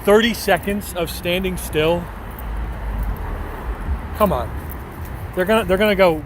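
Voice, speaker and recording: Speaking at a normal speed with long pauses, a man with a fairly high voice streams live from a nighttime city street. He rambles and jokes in answer to viewers' messages, frequently laughing, as faint traffic and street ambience play behind him.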